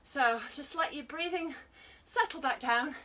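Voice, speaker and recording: British woman fitness instructor, high voice, breathless, coaching live; mic set back, faint hiss. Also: measured pace, sharp tone, recorded from a distance, poor audio. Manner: encouraging, counting down and coaching while exercising. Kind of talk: online exercise class.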